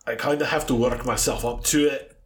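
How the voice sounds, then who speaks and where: A man's voice: mid-range voice, fairly even intonation, a little fast. A man co-hosting a comedy podcast, chatting casually, reacting eagerly and agreeing often. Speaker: podcast co-host.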